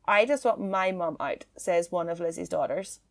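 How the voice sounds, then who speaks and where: A woman hosting a casual true-crime podcast, chatty and quick to laugh. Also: on the low side. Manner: chatty, laughs easily, filler-heavy. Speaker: podcast host.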